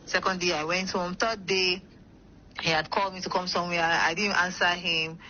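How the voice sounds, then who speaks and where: A woman's voice: lowish voice, steady tone, moderate pace, bright, forceful tone. A young woman, rambling through a casual story full of fillers. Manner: rambling, many fillers like "like" and "blah, blah". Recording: dull lo-fi sound with faint noise.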